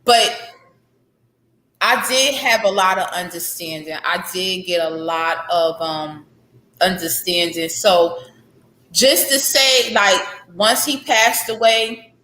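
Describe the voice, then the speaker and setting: Bright-voiced woman speaking of faith. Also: mid-range voice, takes it slowly. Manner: heartfelt, faith-filled, repetitive emphasis. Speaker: author guest. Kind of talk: candid interview conversation. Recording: echoey room.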